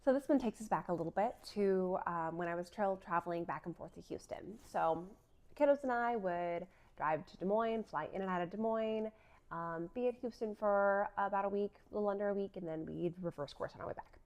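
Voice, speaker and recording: A woman in her thirties with a mid-range, slightly mellow voice speaks fairly quickly. As a vlogger, she shares a personal faith story in a chatty way, full of filler words and frequent laughter.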